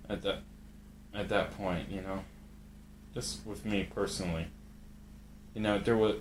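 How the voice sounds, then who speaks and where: A laid-back man hosts a casual live stream, joking with himself and reading viewer messages aloud. He talks slowly in an easygoing way. There is a faint noise in the background. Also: on the low side. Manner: laid-back, jokey, reads chat aloud.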